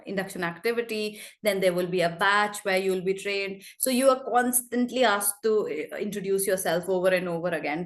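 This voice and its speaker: A woman in her forties with an Indian English accent, a corporate trainer coaching a class on job interviews and slowing down to model clear speech. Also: medium pitch.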